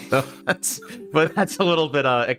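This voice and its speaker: A man's voice: fairly high pitch, measured pace, a bit bright. A man hosting a casual comic read-along, joking and laughing often. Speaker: host.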